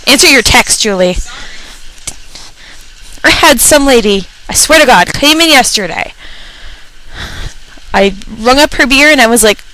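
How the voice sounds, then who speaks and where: Young woman ranting about customers, swears a lot, kinda high voice, exasperated. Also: animated, unhurried, pauses often, pushed and bright, rough recording. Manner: exasperated, profane, acts out customers. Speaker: radio show personality. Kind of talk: comedic rant.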